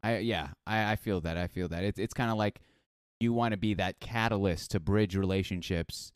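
A man's voice: low-pitched, moderate pace, smooth, no echo, studio quality. A man co-hosting a livestream, chatting casually and affirming his partner, often repeating his phrases. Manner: affirming, upbeat, repeats himself.

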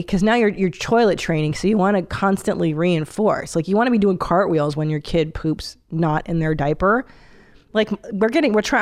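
A woman in her forties hosting a podcast, chatting in a blunt, profane way and laughing often. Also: lowish voice. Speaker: podcast host. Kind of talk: casual comedic monologue.

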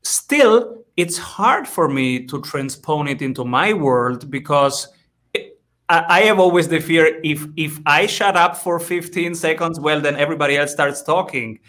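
A man hosting an interview, asking thoughtful, measured questions. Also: on the high side, fairly bright tone. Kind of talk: interview conversation.

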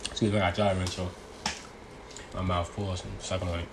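A man's voice: sits low, flat delivery, fairly quick, vocal fry, very noisy. Rambling young man, casual slang. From New York. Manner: loose, rambling, slangy talk with laughs. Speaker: vlogger. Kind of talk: casual chat.

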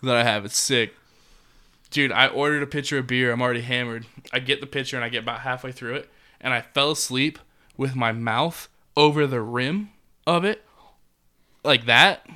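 A man's voice: mid-range voice, moderate pace, pushed and bright, smooth. A young man casually telling a rambling drinking story, swearing and laughing along the way. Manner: laid-back, swearing, laughs mid-story.

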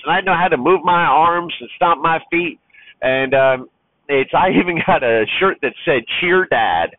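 A man's voice: on the high side, dry recording. Man, heartfelt and emotional, rambling monologue, thin phone-like audio, dry close sound. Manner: heartfelt, rambling, with restarts and fillers. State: emotional, near tears. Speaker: truck driver and father. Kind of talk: personal vlog monologue.

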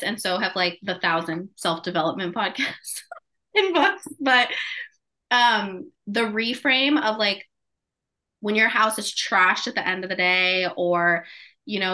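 Bright, chatty woman podcast host. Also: medium pitch. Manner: chatty, peppered with "like" and laughs. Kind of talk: casual podcast interview.

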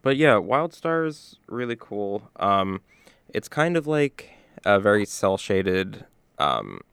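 A man with a very low, gravelly voice runs through gaming news in a relaxed podcast chat, tossing in plenty of filler words. His pitch swings around a lot as he talks. The sound is close and dry, with no room echo. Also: slow pace. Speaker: podcast co-host.

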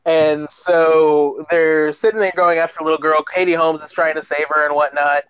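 A man's voice: on the high side, normal speed. Profane man animatedly retelling a movie. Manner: profane, animated storyteller, acts out quotes. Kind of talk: casual movie recap. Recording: dull dry lo-fi sound.

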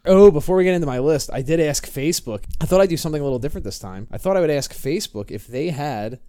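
Man, podcast host, animated, swearing, higher voice, lively pitch, dry close sound. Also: quick pace, dry recording. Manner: animated, laughing often, swearing. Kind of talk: casual podcast chat.

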